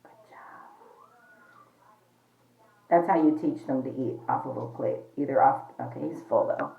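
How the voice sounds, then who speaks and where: A woman's voice: a bass voice, fairly quick, gravelly. A woman vlogging at home in a chatty, rambling way, often calling her viewers "you guys". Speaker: pet vlogger. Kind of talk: casual chat to camera. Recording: echoey, slightly dull home recording.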